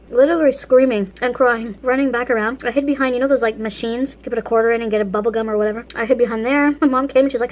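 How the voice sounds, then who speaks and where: A woman's voice: on the high side, quick pace. A woman hosting a casual vlog, telling a story while eating and laughing often between phrases. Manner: eats and talks with food in mouth. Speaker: vlog host.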